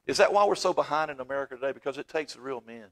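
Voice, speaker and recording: A man preaching a fervent sermon in a church, swinging from loud exclaiming to hushed asides. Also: medium pitch, expressive, very fast. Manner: fervent, swings from shouting to near-whisper. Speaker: pastor. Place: church sanctuary.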